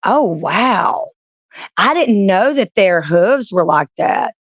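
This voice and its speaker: A woman's voice: medium pitch, lively intonation, takes it slowly, dry recording, muffled recording. A woman streamer telling rambling stories in casual chat, often breaking into laughs. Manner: rambling anecdotes with frequent laughs.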